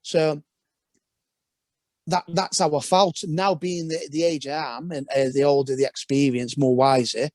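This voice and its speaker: A talkative man tells his story in a loose, rambling way, often restarting his sentences. His voice sits fairly high for a man, and the recording is close and dry, with no room sound. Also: steady tone, a little slow, darkish tone, dry recording. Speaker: podcast guest, former footballer. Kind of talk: casual podcast conversation.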